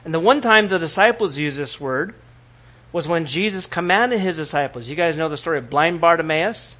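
A man preaching a sermon, animated, acting out scripture scenes with bursts of shouting. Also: a little high, a little fast. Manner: animated, acts out biblical quotes with sudden shouts. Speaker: pastor.

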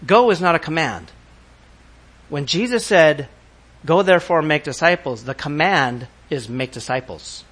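A man's voice: a little high, animated, moderate pace, a bit bright. A man preaching a sermon, emphatic and asking his congregation rhetorical questions. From not from the country where he preaches. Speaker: pastor.

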